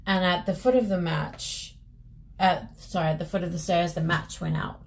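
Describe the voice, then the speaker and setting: A woman's voice: fairly low pitch, fairly even intonation, moderate pace, gravelly, a little hiss or hum. A young woman vlogger casually retelling a story at home while getting ready, with loose restarts and "she's like" phrasing, recorded on a camera mic.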